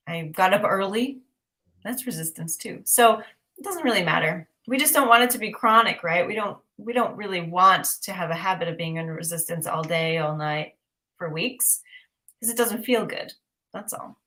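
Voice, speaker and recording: A woman's voice: medium pitch, bright, forceful tone. An upbeat woman hosts an intuitive art reading on a livestream. She talks in a loose, chatty way, full of fillers and rhetorical questions. Her tone stays encouraging and easygoing. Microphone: livestream mic.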